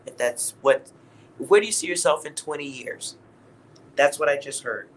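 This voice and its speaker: A man's voice: a little high, animated, moderate pace, a little hiss or hum, rough recording. A man giving a casual, blunt tarot reading to his viewers, laughing at himself and swearing now and then. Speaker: tarot reader.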